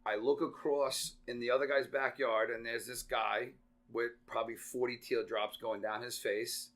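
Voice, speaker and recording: A man tells wild stories as a podcast guest, animated and loose, swearing as he goes. His voice is bright and forward at an ordinary male pitch. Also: normal speed. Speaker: podcast guest, real estate veteran. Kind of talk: casual storytelling.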